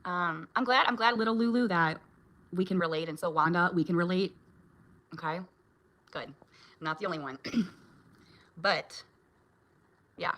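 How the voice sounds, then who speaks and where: Bright-voiced chatty woman vlogger. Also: on the low side, normal speed, pauses often. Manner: chatty, laughs often, reacts to viewer comments. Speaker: vlogger and mom. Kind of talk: casual chat with viewers.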